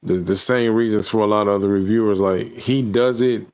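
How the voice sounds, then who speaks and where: A man's voice: on the low side, fairly even intonation, a little fast, darkish tone, clear, resonant tone, no echo, dull audio. A man in casual chat, laid-back and slangy, with lots of fillers.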